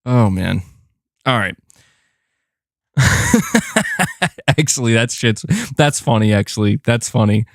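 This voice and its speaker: A young gaming streamer in a room at home speaks slowly with long pauses in a mid-range voice. He chats casually on the stream and rants in an animated, exasperated way, laughing along, on a dry, studio-quality recording.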